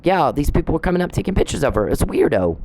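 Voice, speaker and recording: A low-pitched, sing-song, slightly mellow woman speaks fast as host of her own podcast. Slight background noise marks the low-quality audio as she bluntly tells an angry story, swearing and accusing someone she addresses head-on.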